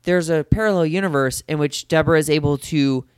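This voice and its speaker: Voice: mid-range voice, a little fast, a little mellow, smooth. A supportive friend in casual chat, offering wry advice.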